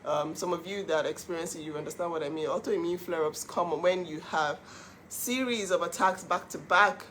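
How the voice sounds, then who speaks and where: Animated woman on a livestream. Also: lowish voice, normal speed, few pauses, slight background noise. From Nigeria. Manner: animated and emphatic, laughing often. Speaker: cookware seller hosting a livestream. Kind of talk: casual livestream talk.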